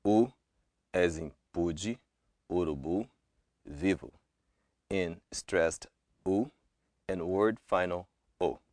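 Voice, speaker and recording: A man reading pronunciation examples word by word as a guest reader in a language lesson, with measured, careful delivery. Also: low voice, darkish tone, dry recording, studio quality.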